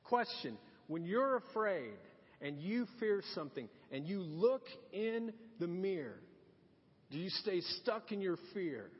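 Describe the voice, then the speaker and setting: High-voiced preacher in an echoing hall. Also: male voice, a little slow, husky. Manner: animated storytelling, acting out quotes. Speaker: pastor. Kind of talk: sermon. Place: church sanctuary. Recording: dull sound with long hall reverb.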